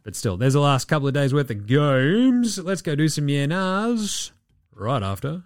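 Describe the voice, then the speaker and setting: A man's voice: on the high side, big pitch swings, measured pace, no room sound, studio quality. A man hosting a podcast in casual sports chat, blunt, joking and swearing freely. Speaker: podcast host.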